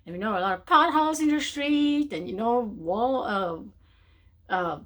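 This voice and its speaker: A woman hosting a spiritual talk show, speaking in an animated way to her viewers and often calling them darling. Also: fairly high pitch, moderate pace. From from outside North America. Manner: animated, mocking voices of naysayers, calls listener darling. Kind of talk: motivational talk to camera.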